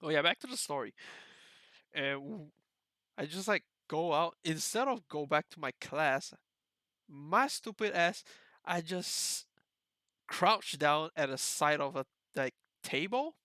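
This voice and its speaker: Bright, crisp young man telling stories. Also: fairly high pitch, lively intonation, takes it slowly, dry recording. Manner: rambling, many "like" fillers, laughs often. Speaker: podcast host. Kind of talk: casual storytelling chat.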